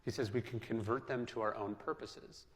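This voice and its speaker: A man calmly explaining ideas and checking in with his listeners. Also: fairly low pitch, long reverb tail. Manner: measured, explaining, checks in with "right?". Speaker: speaker on philosophy. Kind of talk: explanatory talk.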